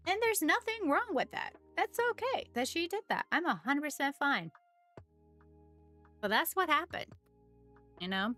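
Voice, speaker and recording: A woman's voice: high voice, very animated, a little slow, long pauses, bright, forceful tone, soft background music. Chatty woman live-streaming while painting. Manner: chatty, laughing often, greets viewers by name.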